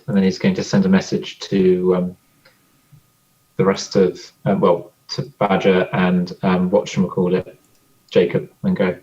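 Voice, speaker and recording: A man's voice: low-pitched, monotone, unhurried, mellow, lo-fi sound. A man playing a tabletop game, hesitantly describing his character's actions. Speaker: player. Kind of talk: casual tabletop play.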